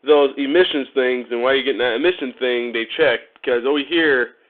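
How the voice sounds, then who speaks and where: Talking fairly quickly in a mid-range voice, an Ohio motorcycle vlogger chats and jokes with his live-stream viewers while wiring a motorcycle, laughing often. The audio is narrow-band and sounds like a phone.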